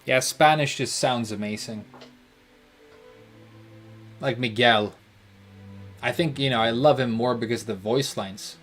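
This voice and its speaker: A man from Britain with a British accent, a streamer chatting casually with viewers while playing, rambling and joking with frequent pauses. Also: mid-range voice, a bit bright, faint music behind. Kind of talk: casual chat answering viewers while gaming.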